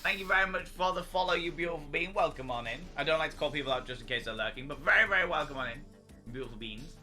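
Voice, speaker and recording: A man's voice: a little high, fast, faint music behind. A man hosting a casual livestream, telling stories with lots of swearing and bursts of laughter. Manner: animated storyteller, swears freely, bursts into laughter. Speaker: streamer host.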